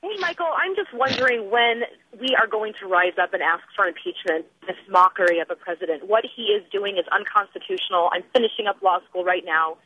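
A woman's voice: medium pitch, fairly quick, few pauses, sharp tone, husky. Urgent young woman calling in by phone. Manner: urgent, impassioned. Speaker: caller. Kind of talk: call-in radio conversation. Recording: tinny phone line.

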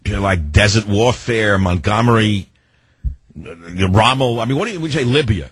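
Husky older man with a sardonic ramble. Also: fairly low pitch, expressive, moderate pace, a bit bright, no room sound. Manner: rambling, sardonic, free-associating. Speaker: radio talk host. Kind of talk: opinionated talk radio monologue.

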